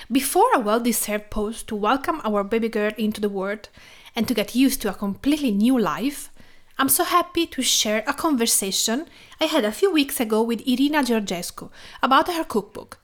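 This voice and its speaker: A woman's voice: a little high, moderate pace. A woman from Tuscany with an Italian accent, hosting a podcast and chatting with enthusiasm, now and then restarting her words. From Tuscany, Italy. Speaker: podcast host. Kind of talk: podcast intro and casual interview chat.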